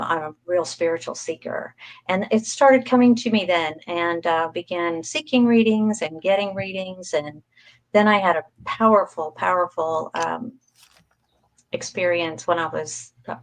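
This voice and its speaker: A woman from the Texas coast, a psychic medium appearing as an interview guest, tells a personal story in a chatty way. Her voice is on the low side at a moderate pace, with frequent ums and light laughs, on a low-quality recording.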